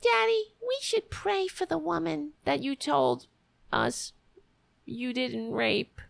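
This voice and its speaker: A woman's voice: high-pitched, slow pace, creaky, no echo, voice pushed up, heavily acted. A woman voicing a sarcastic young girl pleading with her father in a mock-innocent, sing-song way.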